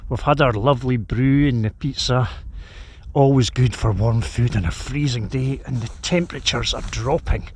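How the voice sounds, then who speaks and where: A man's voice: mid-range voice, normal speed, slightly rough. A Scottish man chatting casually to camera as an outdoor vlogger, savoring a brew outdoors on a cold, windswept hilltop. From Scotland. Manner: relaxed, chatty, savoring each moment. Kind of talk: casual outdoor vlog narration.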